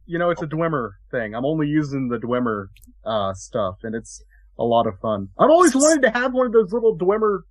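A man chatting casually about a video game, animated and rambling, often restarting his sentences. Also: on the high side, a little fast, no echo, rough recording. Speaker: podcast guest co-host. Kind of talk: casual gaming chat.

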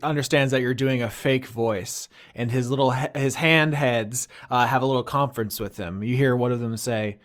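A man narrating a tabletop game as game master, animated with quick asides. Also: mid-range voice.

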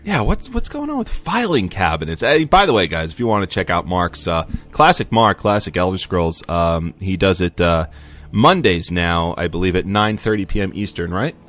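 A man's voice: deep voice, very animated, moderate pace, a bit bright. A man hosting a casual gaming podcast, with playful radio-style intros. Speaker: podcast host.

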